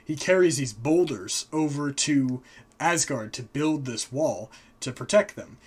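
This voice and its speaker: A man hosting a live stream, casually retelling myths and slipping into quick character voices. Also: mid-range voice, expressive, slightly rough. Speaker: host. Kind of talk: casual storytelling.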